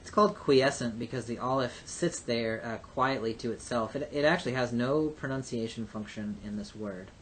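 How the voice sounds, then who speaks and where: A man with a voice of middling pitch gives a recorded language lecture. He works through each rule step by step, pausing often on uh and um. A faint low rumble sits under the recording. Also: fairly bright tone. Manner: methodical, explains step by step with frequent uh and um. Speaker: Hebrew teacher.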